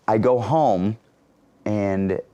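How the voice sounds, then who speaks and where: A man's voice: fairly low pitch, extremely slow, lo-fi sound. A man who is an actor and comedian, telling comic stories as a guest in an interview. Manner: animated, comic storyteller. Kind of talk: storytelling in an interview.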